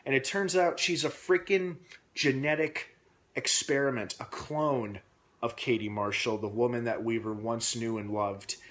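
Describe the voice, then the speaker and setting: A man's voice: medium pitch, a little slow, fairly bright tone. Rambling male TV recap vlogger. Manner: rambling, with many fillers. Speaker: TV episode reviewer. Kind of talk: casual recap vlog.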